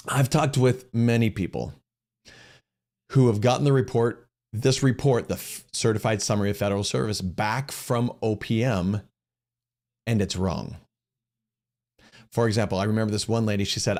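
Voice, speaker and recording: A man's voice: lowish voice, measured pace, pauses often, darkish tone. Chatty man explaining paperwork casually. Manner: conversational, restarts phrases, acts out quoted dialogue. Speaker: host answering viewer questions.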